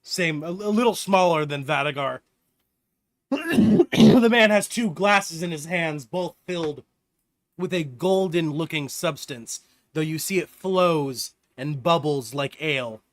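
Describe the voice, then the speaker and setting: A man narrating as game master of a tabletop game, relaxed and often laughing. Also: fairly high pitch, measured pace, no room sound.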